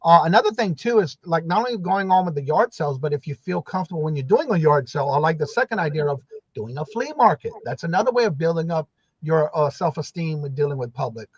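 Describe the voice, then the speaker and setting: Fast-talking male host asking questions, bit high, dry muffled sound. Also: animated, breathy edge, no echo. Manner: asks questions, friendly interviewer. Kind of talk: casual chat.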